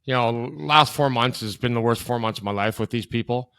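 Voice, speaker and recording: A man's voice: medium pitch, fairly quick, fairly bright tone, smooth, no room sound, clean studio sound. A man who works as a hockey director, talking casually in a rambling way, filling his speech with "you know". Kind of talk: casual conversation.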